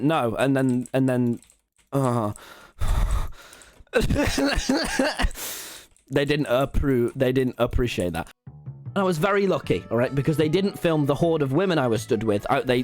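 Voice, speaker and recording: A young man, telling stories excitedly on a live stream, swearing often and breaking into laughter. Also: mid-range voice. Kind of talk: casual live-stream storytelling.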